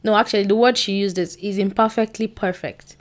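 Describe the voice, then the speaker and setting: A young woman, chatting casually to camera at home, rambling with excited bursts and quiet trailing asides. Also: mid-range voice, brisk. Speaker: book vlogger. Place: indoors at home by a bookshelf. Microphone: on-camera mic.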